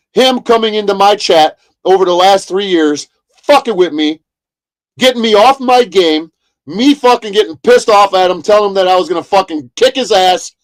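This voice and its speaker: A man ranting heatedly on a livestream, profane and repetitive. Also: sits high. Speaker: streamer. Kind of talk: angry livestream rant.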